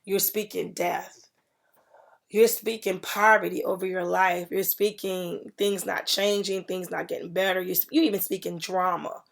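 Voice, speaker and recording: A woman hosting a faith-based podcast, talking in an encouraging, preachy way. Her voice has a gravelly, creaky texture. She repeats her key lines for emphasis. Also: lowish voice, flat delivery, a little slow. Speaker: podcast host.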